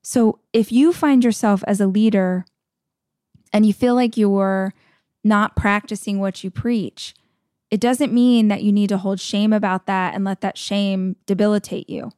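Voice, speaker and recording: A woman's voice: mid-range voice, steady tone, measured pace, darkish tone, dry recording, clean studio sound. A middle-aged woman hosting a podcast, giving an earnest, encouraging motivational talk with emotional storytelling. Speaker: podcast host.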